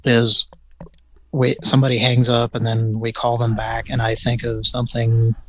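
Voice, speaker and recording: A man hosting a casual comedy talk show, laid-back and rambling in a deadpan way. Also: mid-range voice, moderate pace, highs cut off, a little hiss or hum. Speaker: podcast host.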